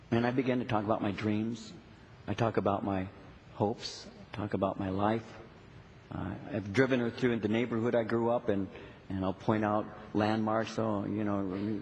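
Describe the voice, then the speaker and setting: A middle-aged male pastor preaching a sermon, telling stories animatedly and acting out little dialogues. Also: medium pitch. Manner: animated storytelling, acts out dialogue. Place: church sanctuary. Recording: long hall reverb, faint noise.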